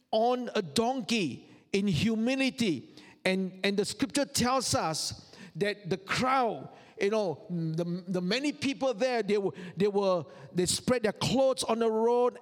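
A male pastor delivers a sermon at an unhurried, deliberate pace. His voice sits high for a man, and it rings out with the long reverb of a large hall. He leans on rhetorical questions and repeats key phrases earnestly.

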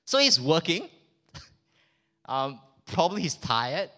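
A man's voice: a little high, big pitch swings, slow, fairly bright tone. A man preaching a sermon in a casual, joking way, often asking the congregation questions.

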